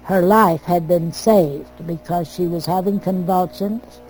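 An older American woman telling family stories from her past in a plain, unhurried way. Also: lowish voice, steady tone, a little mellow, soft background music, rough recording. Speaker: storyteller. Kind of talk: oral history reminiscence.

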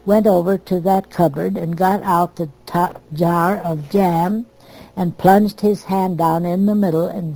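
An older American woman telling family stories from her past in a plain, unhurried way. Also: lowish voice, warm tone, low-quality recording. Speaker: storyteller. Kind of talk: oral history reminiscence.

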